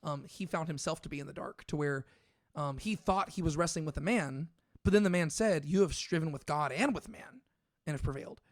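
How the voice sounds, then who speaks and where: A man's voice: fairly high pitch, brisk, dry recording, clean studio sound. A man co-hosting a casual Bible discussion, thinking aloud with plenty of fillers and restarts. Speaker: podcast co-host.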